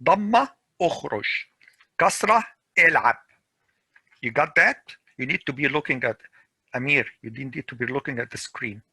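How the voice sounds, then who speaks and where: A man's voice: medium pitch, sharp tone, slightly rough, no echo. Middle-aged male grammar teacher, online class, dry and close mic. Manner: slow, patient, repeats examples. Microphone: video call.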